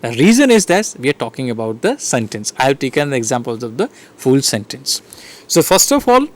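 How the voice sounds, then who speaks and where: A man with an Indian English accent giving an online lecture to teachers, pausing often with fillers and restarting his sentences. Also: fairly high pitch. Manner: hesitant, many fillers and restarts. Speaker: teacher educator.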